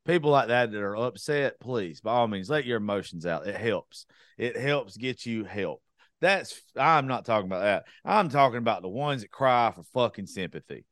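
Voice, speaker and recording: A man's voice: on the low side, expressive, normal speed, fairly bright tone, no echo. A young man hosting a podcast, talking bluntly in a casual, profane rant. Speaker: podcast host.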